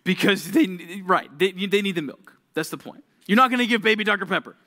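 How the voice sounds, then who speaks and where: A man's voice: high-pitched, lively intonation, brisk, bright, forceful tone. A young man, a youth pastor, giving a casual, conversational sermon to teenagers, full of rhetorical questions.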